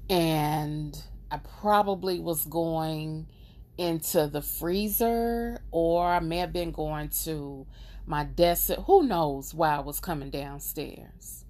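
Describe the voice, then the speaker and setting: Slow, emotional woman telling a story. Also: low-pitched. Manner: emotional, expressive, drawn-out storytelling; casual, conversational. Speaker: podcast host. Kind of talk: personal storytelling monologue.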